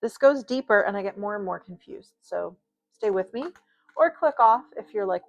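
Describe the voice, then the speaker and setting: Chatty woman with a creaky voice. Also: medium pitch, a little fast, muffled recording. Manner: chatty, rambling, with many fillers and asides. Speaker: tarot reader. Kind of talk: casual spoken tarot reading.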